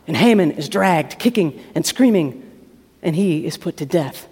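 A woman preacher retelling a story in a lively sermon, acting out the characters and dropping to a hush at tense moments. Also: lowish voice, moderate pace, slightly rough. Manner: acts out the characters with shifting voices, drops to hushed tones. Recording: hall reverb from a live talk.

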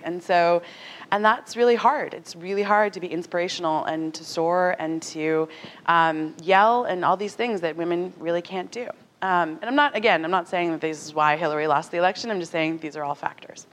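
A woman in her thirties giving a talk to an audience in a conversational, animated way, often acting out what others said. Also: fairly low pitch, normal speed. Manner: animated, conversational, acts out quotes. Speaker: speaker at a talk.

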